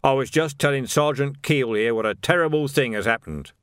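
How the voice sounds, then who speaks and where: Man doing a scheming sergeant, smug, falsely earnest, slow and drawn out. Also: medium pitch, a bit bright, smooth, no echo, studio quality, pitched above the performer's own voice, natural voice. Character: sly smirking corrupt male sergeant.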